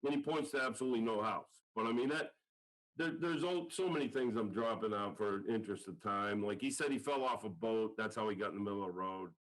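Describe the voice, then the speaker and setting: A man's voice: lowish voice, quick pace, a bit bright, low-quality recording. A middle-aged man, a football coach, telling a story in a casual podcast interview and acting out the quoted lines. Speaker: guest, college football line coach.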